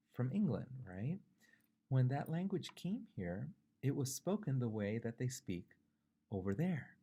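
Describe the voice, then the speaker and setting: A man's voice: medium pitch, mellow, husky. A male pastor from California giving a short devotional sermon, conversational and thinking aloud with fillers and rhetorical questions.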